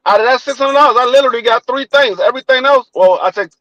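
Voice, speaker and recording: A man's voice: extremely high pitch, fast, dry recording, muffled recording. An older man hosting a casual podcast chat, telling stories with lots of swearing and acting out the people he quotes. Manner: animated storyteller, acts out quotes, swears freely. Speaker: podcast host.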